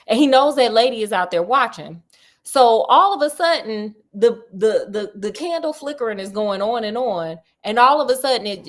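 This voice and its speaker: Chatty woman retelling a story. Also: a little high. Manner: chatty and slangy, acting out characters' lines. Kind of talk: casual retelling of a detective story.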